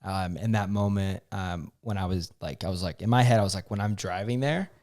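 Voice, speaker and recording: A man's voice: low voice, fairly quick, darkish tone. A young man co-hosting a podcast, telling a story earnestly and emotionally, with many fillers and restarts. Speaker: podcast co-host. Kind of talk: casual chat.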